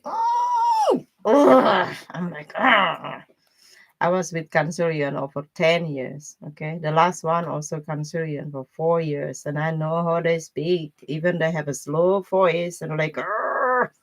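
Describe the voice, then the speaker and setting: A woman giving a casual live-stream tarot reading, talking bluntly in loose, broken grammar and laughing often. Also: fairly low pitch. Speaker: tarot reader.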